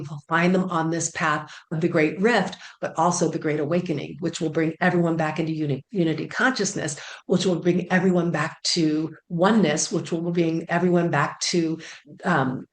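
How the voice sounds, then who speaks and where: A woman with a fairly low voice talks through a channeled spiritual message. She speaks in an earnest, soft way, repeating phrases and pausing on fillers. The room around her sounds echoey. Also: fairly even intonation. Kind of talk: casual spiritual talk relaying channeled messages.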